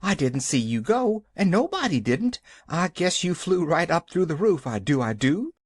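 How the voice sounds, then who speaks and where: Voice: medium pitch, moderate pace, breathy edge, dry recording, clean studio sound, voice pushed up. Nancy, a reader doing a flustered rustic maid. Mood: fretful. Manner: folksy rural dialect, excitable.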